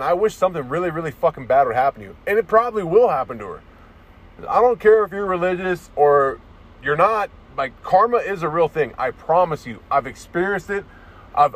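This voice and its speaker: Profane, rambling man ranting, slightly high voice. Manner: profane, rambling, restarts often. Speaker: vlogger. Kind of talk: casual ranting monologue.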